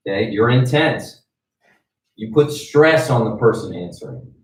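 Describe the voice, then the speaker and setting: A man's voice: mid-range voice, expressive, unhurried, far from the mic. Male trainer, conversational lecture, roomy echo, a bit off-mic. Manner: conversational, checks in with "right?" and "okay?". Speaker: sales trainer.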